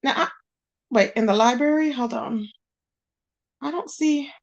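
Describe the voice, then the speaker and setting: A woman's voice: high-pitched, a little slow, highs cut off. A woman hosting a casual livestream, greeting viewers and chatting while she searches her screen. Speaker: livestream host.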